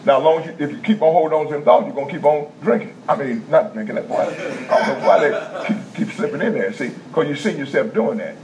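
Talking fast with few pauses, a male preacher with a voice on the high side gives a folksy, repetitive sermon in a prison chapel that climbs to emphatic bursts. Crowd noise and faint room ambience come through the dull lo-fi recording.

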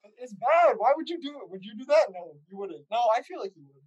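Husky-voiced young man, teasing and giggly. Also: very high-pitched, sing-song, quick pace, dull audio. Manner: teasing, giggly, trails off and restarts. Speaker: podcast guest. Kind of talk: casual chat.

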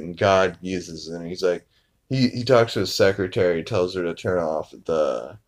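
A man's voice: sits low, moderate pace, no room sound. A man hosting a podcast, recapping an episode in a casual, rambling way with many fillers and restarts. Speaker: podcast host.

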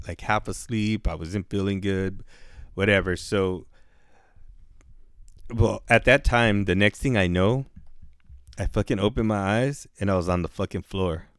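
A man's voice: low voice, a bit bright, no room sound, studio quality. A man casually telling a long story to a friend, rambling and swearing, full of "like" and "dude". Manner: profane, rambling, heavy with "like" and "dude".

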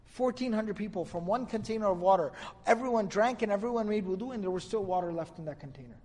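A man's voice: high voice, animated, fast talker, a little mellow, in a large hall. A man giving a religious lecture, retelling narrations in a storytelling manner and quoting Arabic. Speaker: Islamic lecturer.

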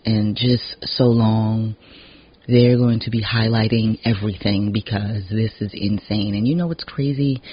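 An emotionally exhausted man speaks in a casual, unscripted monologue, husky and fairly low in pitch. He talks slowly and frankly, swearing freely and leaning on "you know" between thoughts. The recording sounds dull and lo-fi.

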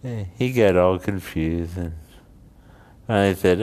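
A man's voice: sits low, slow pace, darkish tone, clear, resonant tone. A man from the United States telling a casual story and rambling into musings. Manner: rambling, drifts between anecdote and musing.

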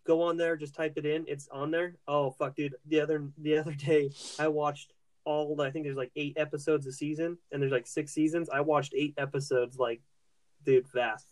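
A man's voice: fairly high pitch, normal speed. A man and father chatting casually on a podcast, laid-back and swearing often. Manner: laid-back, profane, flat delivery. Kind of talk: casual chat.

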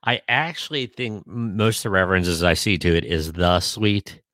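A man co-hosting a podcast in casual chat, joking dryly and pausing often with ums. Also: low-pitched, a bit bright, no room sound. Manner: dry joking, hesitant with many ums. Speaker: podcast co-host.

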